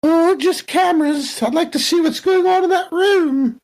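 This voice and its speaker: A practical, curious crew member from a tabletop horror game, played by a player. The voice sits high but sinks into low murmurs, with a dry, wry edge. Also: normal speed, a little mellow, low-quality recording.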